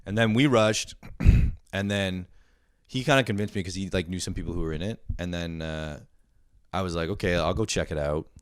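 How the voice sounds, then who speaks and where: Profane rambling man, low voice. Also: moderate pace, smooth, no echo. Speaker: podcast host. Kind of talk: casual chat.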